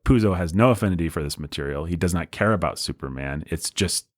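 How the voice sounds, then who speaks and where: Lower-voiced man telling film history casually. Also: expressive, fast, no room sound, studio quality. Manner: enthusiastic storyteller, breezy and conversational. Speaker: podcast host.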